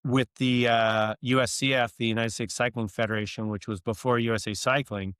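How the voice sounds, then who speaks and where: A man's voice: medium pitch, fairly even intonation, a little fast, fairly bright tone, clean tone, no room sound, studio quality. A man in his sixties, explaining how things were in a casual chat, often checking with "right?".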